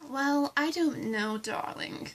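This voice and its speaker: A woman's voice: sits high, takes it slowly, a bit bright. A woman voicing a haughty, seductive female plant villain who calls others "darling" and dips into whispers. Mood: sultry. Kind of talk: fan voice acting.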